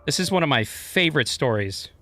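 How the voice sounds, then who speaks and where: A man's voice: on the high side, lively intonation, fairly quick, bright, forceful tone. A man streaming and chatting casually and enthusiastically while building in a game editor.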